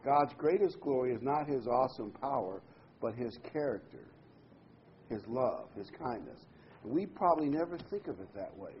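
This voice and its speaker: A man's voice: mid-range voice, animated, moderate pace. Man preaching a conversational sermon. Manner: conversational, leads the congregation in call-and-response. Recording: dull lo-fi recording with faint hiss.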